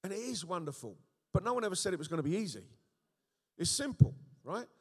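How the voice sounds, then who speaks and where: A man preaching an animated sermon, often checking in with his listeners. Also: high voice, fast talker, husky. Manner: animated, rhetorical, frequent call-and-response checks. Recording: echoey hall with long reverb.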